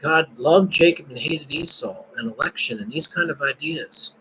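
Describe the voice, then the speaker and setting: A man's voice: a little high, normal speed, pushed and bright, slight background noise, low-quality recording. A man hosting a casual live stream, musing and praying aloud between his thoughts. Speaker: podcast host.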